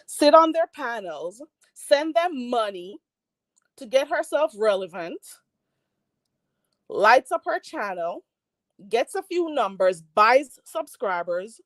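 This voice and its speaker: A woman's voice: mid-range voice, expressive, slow, a bit bright, dry recording. A woman hosting a commentary channel, ranting in a heated, mocking and profane way. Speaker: YouTube commentary host.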